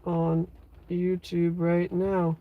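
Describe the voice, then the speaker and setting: A man's voice: high-pitched, monotone, extremely slow, no echo, narrow, tinny audio. A man in his twenties hosting a casual live stream from inside his car. He rambles in an upbeat way, with plenty of fillers, and talks to his viewers through a phone. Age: 20s. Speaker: livestream host.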